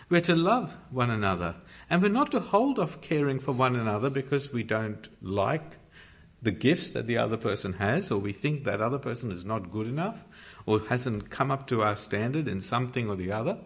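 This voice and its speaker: A man preaching a sermon, reading scripture and pressing his points earnestly. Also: mid-range voice. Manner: earnest, emphatic, rising to stress key points.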